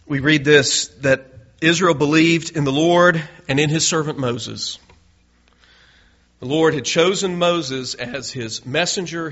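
A man's voice: a little high, fairly bright tone, breathy edge. A male pastor preaching a sermon in an earnest way, building to emphatic peaks. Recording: dull lo-fi recording.

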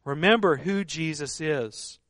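Earnest high-voiced male preacher. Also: measured pace, no echo, clean studio sound. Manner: earnest, emphatic, drops to a hushed voice for stress. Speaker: pastor. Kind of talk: sermon.

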